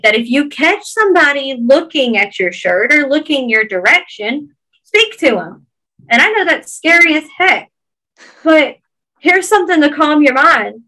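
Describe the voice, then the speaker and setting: A woman's voice: high-pitched, sharp tone, poor audio. A woman with a Georgia Southern accent, earnestly encouraging listeners in a casual podcast chat.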